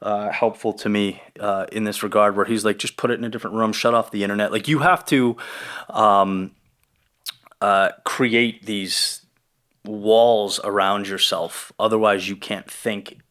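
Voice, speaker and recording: A man talking as a podcast guest, thoughtful and halting, restarting his sentences as he works out his ideas. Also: lowish voice, steady tone, fairly bright tone. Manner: reflective and halting, with many restarts. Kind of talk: casual conversation. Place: ranch.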